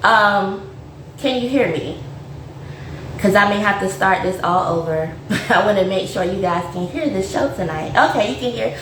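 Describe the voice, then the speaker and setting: A woman's voice: medium pitch, moderate pace, fairly bright tone, recorded from a distance. A woman hosting a casual home cooking livestream, chatty and upbeat as she plates food for viewers. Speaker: host of a home cooking show. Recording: echoey room, voice off mic, faint noise.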